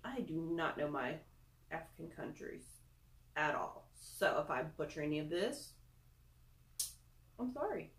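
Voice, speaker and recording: A woman's voice: mid-range voice, fairly bright tone, reverberant. A young woman chatting casually through a product review, self-deprecating with giggly asides. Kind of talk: casual screen-recorded review.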